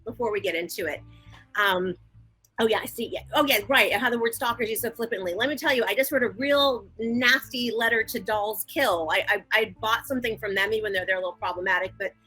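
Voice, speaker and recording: A woman guest and victim advocate, telling her story in a frank, animated, conversational interview. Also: on the high side, fast talker, breathy edge, faint music behind, low-quality recording.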